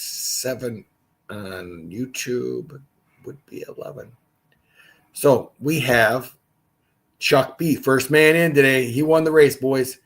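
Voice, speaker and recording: Husky-voiced man leading a Bible study. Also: mid-range voice. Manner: conversational, reads scripture aloud with asides. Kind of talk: casual livestream Bible study.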